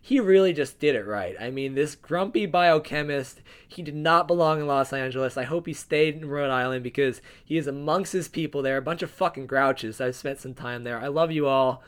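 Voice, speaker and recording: A man from New Jersey co-hosting a podcast, joking in an animated, profane way. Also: on the high side, normal speed, hardly any pauses, clear, resonant tone. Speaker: podcast co-host. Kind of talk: casual chat.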